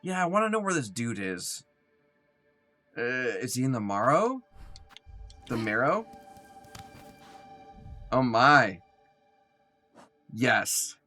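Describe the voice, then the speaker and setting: With soft music behind him, a young man live-streaming a game speaks slowly in a mid-range, pushed, bright voice, swinging widely in pitch and leaving long pauses. Tired and yawning, he chats away, reading chat aloud and talking to himself.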